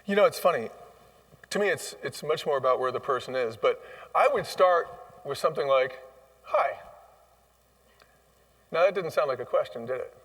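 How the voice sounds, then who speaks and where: A distant microphone catches the guest, a former restaurant chain CEO, in a live interview at a conference. His voice is highish, expressive and fairly bright, a little quick, and he stresses his stories while acting out dialogue.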